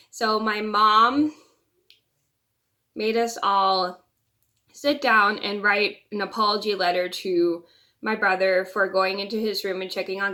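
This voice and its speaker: A woman's voice: medium pitch, bright, forceful tone. A young woman vlogger telling a personal story in a casual, rambling way, often restarting and repeating words.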